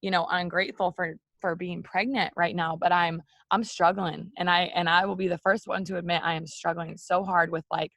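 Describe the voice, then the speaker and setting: Confiding woman with a gravelly fry. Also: on the low side, flat delivery, moderate pace, few pauses, fairly bright tone, no room sound, studio quality. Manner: open, confiding, many "like" and "you know" fillers; speaks straight to viewers as "you guys". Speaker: host of a morning live video for women. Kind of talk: casual heartfelt chat to viewers.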